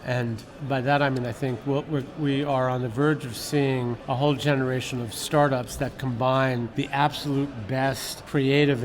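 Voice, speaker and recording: An older man, a former magazine editor, telling stories in an interview in a lively, candid way, laughing now and then. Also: mid-range voice. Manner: animated, candid, laughs often, swears casually. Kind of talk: reflective storytelling interview.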